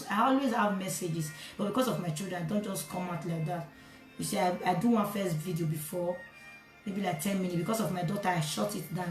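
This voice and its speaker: A woman preaches in an earnest, exhorting way, repeating her points and urging her listeners on. Her voice sits at a middling pitch and rings in an echoey room, with faint music underneath. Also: a little mellow. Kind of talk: sermon with salvation prayer.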